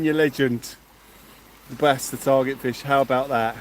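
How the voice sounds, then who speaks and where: A man's voice: mid-range voice, steady tone, moderate pace, slight background noise. Effusive man thanking livestream viewers. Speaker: fishing livestream host. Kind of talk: excited livestream chat. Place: outdoors at night by the sea.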